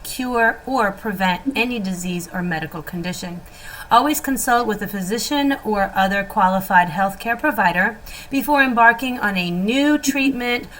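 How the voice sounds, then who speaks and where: A woman co-hosts an interview, reading a formal disclaimer before turning to her guest. Her voice is bright and crisp, with faint noise in the background. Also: mid-range voice, poor audio. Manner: scripted, formal disclaimer delivery. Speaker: channel co-host. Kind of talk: interview hosting.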